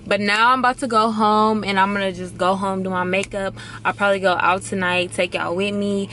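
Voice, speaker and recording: Bright, bubbly young woman vlogging. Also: medium pitch, steady tone, brisk, hardly any pauses, a little hiss or hum. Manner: bubbly, slangy and playful, hyping herself up. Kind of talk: casual vlog chat to camera. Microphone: phone camera held by hand.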